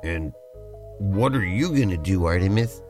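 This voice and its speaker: Lively low-voiced man running a role-play. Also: measured pace, music in the background. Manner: easygoing, playful, rambling. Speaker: host and game master. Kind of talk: narrating a tabletop-style role-play podcast.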